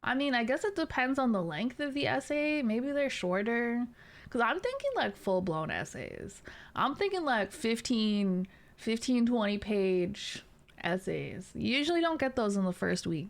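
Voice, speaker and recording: A woman's voice: mid-range voice, creaky. A young adult woman streamer chatting casually with viewers, laughing often and teasing.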